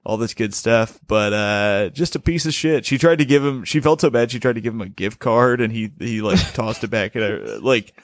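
A man's voice: fairly low pitch, moderate pace, hardly any pauses, dry recording. A man hosting a podcast in casual chat, upset and stressed, ranting with swearing and laughing through his complaints. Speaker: podcast host.

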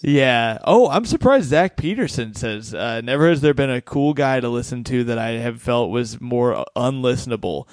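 A man hosting a podcast in easygoing chat, joking crudely and reading out comments with a laugh. His voice sits at an everyday middle pitch. The sound is dry and close, with no room around it. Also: lively intonation, normal speed, hardly any pauses, no echo. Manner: joking, profane, reads listener comments aloud. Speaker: podcast host. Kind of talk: casual chat.

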